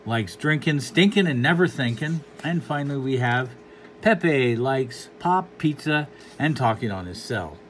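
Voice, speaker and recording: A man's voice: medium pitch, animated, a little slow, fairly bright tone, slight background noise. A man giving a casual, rambling commentary on a comic book, dry and unimpressed, with frequent fillers and trailing thoughts.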